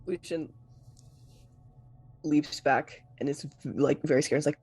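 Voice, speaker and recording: Slow, halting tabletop player. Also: mid-range voice, fairly even intonation, darkish tone, slightly rough. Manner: halting, searching for words. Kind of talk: casual tabletop role-play.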